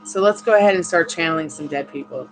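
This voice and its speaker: Speaking fast in a low voice, a tired woman chats casually on her tarot livestream, which she hosts as a tarot reader. She tells a long personal story candidly and ramblingly, with frequent laughter, over soft background music in a rough recording.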